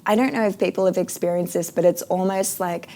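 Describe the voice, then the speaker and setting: Woman, interview guest; lower register, earnest, reflective delivery. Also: steady tone, a little fast, warm tone. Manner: earnest, reflective, frequent fillers. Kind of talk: casual interview.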